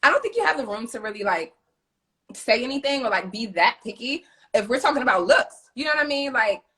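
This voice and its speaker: Bright, emphatic woman co-host. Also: a little high, a little fast. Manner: emphatic, animated retelling with quoted voices. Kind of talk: casual chat.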